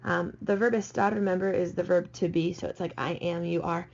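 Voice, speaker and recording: A woman's voice: on the low side, steady tone, fairly quick, darkish tone, a little hiss or hum. A woman teacher talking students through a slide lesson, patient and repeating the key points. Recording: dull lo-fi recording.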